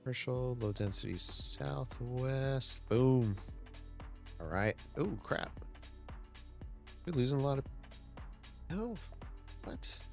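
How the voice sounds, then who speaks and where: A man's voice: medium pitch, vocal fry, faint music behind. A man casually talking through his city-building gameplay, muttering to himself as he builds. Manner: slow, muttering narration of his own moves. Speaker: gaming streamer.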